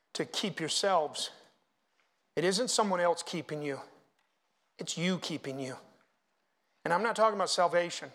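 Middle-aged male pastor, high voice, preaching in church with big swings between quiet and loud. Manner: preaching with swings from hushed to loud, chanting hymn lines. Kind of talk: sermon.

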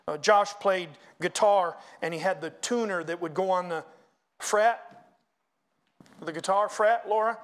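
Middle-aged male pastor, high voice, preaching in church with big swings between quiet and loud. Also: normal speed. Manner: preaching with swings from hushed to loud, chanting hymn lines. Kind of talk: sermon.

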